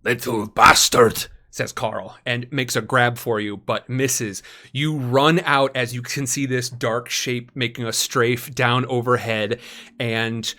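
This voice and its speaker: A man's voice: mid-range voice, fairly even intonation, takes it slowly, pushed and bright. A man narrating a tabletop role-playing game as game master, painting the scene in vivid detail with frequent ums and uhs.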